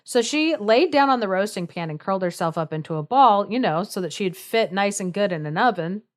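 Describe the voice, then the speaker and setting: A woman's voice: medium pitch, expressive, fairly quick. A woman podcast host who retells a folktale in a chatty, wry, casual style with comic asides. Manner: chatty, wry, laughs through lines.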